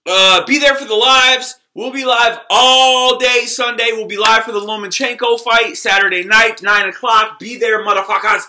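A man with a high, very bright voice rants about sports to his camera. He swears constantly and uses street slang, and he lurches between yelling and mumbling under his breath. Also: fairly even intonation, moderate pace, few pauses. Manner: swings between shouting and low muttering. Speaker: sports vlogger. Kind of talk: profane sports rant to camera.

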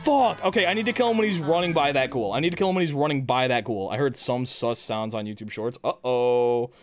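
A young man streaming a video game live, chattering crudely, reading chat aloud and bursting into loud shouts. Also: medium pitch, a little fast, faint music behind. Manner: reads chat aloud and jokes with viewers.

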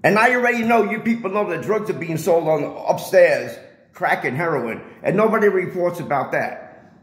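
A man's voice: high voice, lively intonation, moderate pace, roomy sound, rough recording. A man filming a confrontation with building security on his phone, lecturing them in a combative way and repeating his points. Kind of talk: heated confrontation, filmed on phone. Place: public area of a residential building, indoors. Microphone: handheld phone camera.

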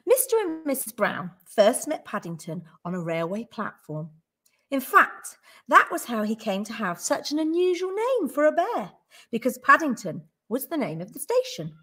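A woman teacher reading a picture book aloud to children with clear, expressive storytelling. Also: sits high, moderate pace.

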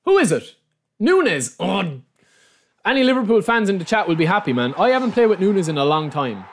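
An excitable Irish man streaming a card-pack opening, his fairly high voice swinging widely in pitch. He talks straight to his viewers and repeats his lines over and over. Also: a little fast. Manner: excitable, repeats phrases, keeps addressing the viewers as lads. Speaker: gaming YouTuber opening card packs. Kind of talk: live-streamed gaming commentary.

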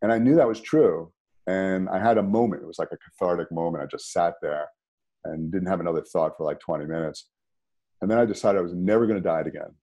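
Low-voiced guy on a podcast, mellow tone, gets loud and high when he makes a point. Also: quick pace. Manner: animated, rises sharply when emphatic. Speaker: podcast guest. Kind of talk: conversational storytelling.

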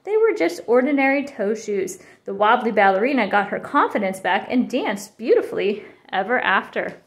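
A woman reads a children's picture book aloud with lots of expression. Her voice is high and bounces lively up and down, storytime style. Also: moderate pace. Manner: expressive and animated. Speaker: storybook reader.

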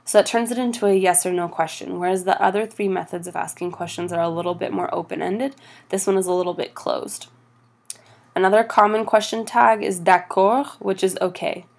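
Gravelly-voiced woman teaching French. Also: on the low side. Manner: patient, steady, slows on French examples. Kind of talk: explaining over slides.

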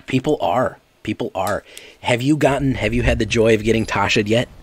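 Fairly low in pitch and husky, this man talks briskly during a card-game stream, chatting casually and rambling with many fillers and laughs. The recording carries faint background noise.

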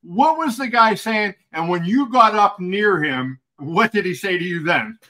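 Bright-voiced male sports interviewer. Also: high-pitched, lively intonation, unhurried. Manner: conversational, asks questions. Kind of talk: interview questions.

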